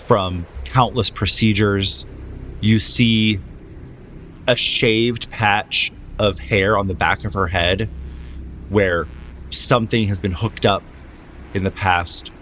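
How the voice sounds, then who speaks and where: A man narrating a tabletop game as game master, describing scenes slowly and dramatically with pauses, then explaining rules. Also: on the low side, steady tone, a bit bright, slight background noise.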